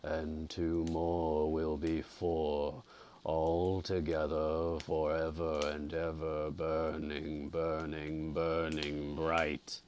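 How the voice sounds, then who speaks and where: A bitter, sinister old nobleman on his deathbed, put on by a male storyteller. He speaks in a slow, low, menacing murmur. The voice is deep and unhurried. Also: steady tone, a little hiss or hum.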